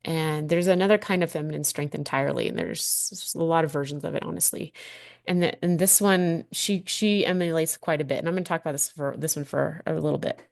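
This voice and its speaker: Woman in her thirties, deep low voice, dry close sound, candid, heartfelt, casual swearing, podcast monologue. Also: fairly quick, vocal fry, a little mellow, dry recording. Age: 30s. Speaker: podcast host.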